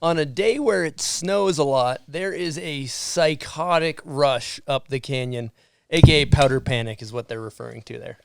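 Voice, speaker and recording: Male host, gravelly fry, slightly high pitch, casual podcast talk, dry close mic. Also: normal speed.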